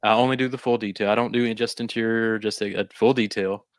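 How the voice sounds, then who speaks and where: Male co-host, low voice, easygoing rambling talk, dry close mic. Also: steady tone, fast, no room sound. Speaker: podcast co-host, detailer. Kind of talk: casual chat.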